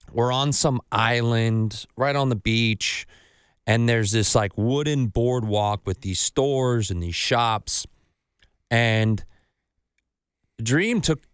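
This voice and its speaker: A man hosts a casual podcast, mid-pitched and dry on the mic. He tells stories in an animated way, swears freely and acts out other people's lines. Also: slow pace, clear, resonant tone, no room sound. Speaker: podcast host.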